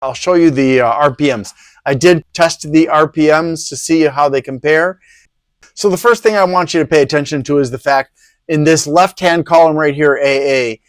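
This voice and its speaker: A man's voice: on the high side, dry recording. A man hosting a PC hardware review channel, talking casually with rambling, sarcastic asides. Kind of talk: casual product review talk.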